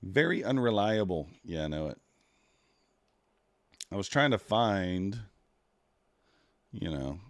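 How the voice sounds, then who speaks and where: Livestreaming his trades, a man with a low, deep voice talks to chat slowly and expressively, pausing often. He rambles and murmurs to himself while fiddling with his software, captured in close, dry audio with no room sound.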